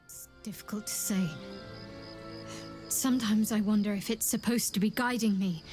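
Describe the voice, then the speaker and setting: A secretive young cleric from a video game, voiced by an actress, guarded and dutiful. She speaks in a measured, wry way at a middling pitch and gives little away. She sounds firm whenever she talks of duty. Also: steady tone, a little mellow, soft background music, close to an everyday voice.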